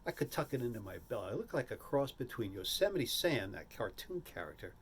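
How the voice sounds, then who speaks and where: An older man telling a humorous personal story in a rambling, animated way, full of asides and restarts. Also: medium pitch, brisk, slight background noise.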